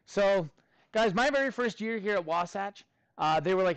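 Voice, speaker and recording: A man's voice: sits high, animated, fairly quick, fairly bright tone, smooth, no room sound. A male math teacher casually telling his class a story in a chatty, self-amused way. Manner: chatty, self-amused, talks straight to students.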